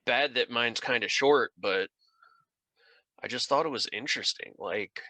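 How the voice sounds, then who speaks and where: A man's voice: mid-range voice, unhurried, pushed and bright. A man co-hosting a podcast, laid-back and playful with short replies. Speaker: podcast co-host. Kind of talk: casual podcast chat.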